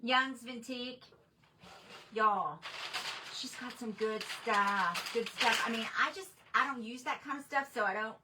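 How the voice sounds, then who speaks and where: A woman's voice: a little high, measured pace, far from the mic, heavy background noise. A woman hosting a crafting livestream, chatting casually and reading viewer comments aloud in a rambling way. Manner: chatty, rambling, with frequent restarts and fillers.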